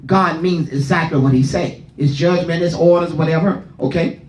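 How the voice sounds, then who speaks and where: A man's voice: fairly high pitch, normal speed, darkish tone, reverberant, slight background noise. A man preaching at a Bible study, leading readers and firing questions at the room. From not from Philadelphia. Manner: fervent, asks the room questions, repeats words.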